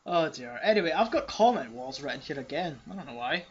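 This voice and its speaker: Male podcast host, higher-pitched, rambling and self-mocking, dull lo-fi audio. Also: expressive, a little fast. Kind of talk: casual chat. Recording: dull lo-fi sound.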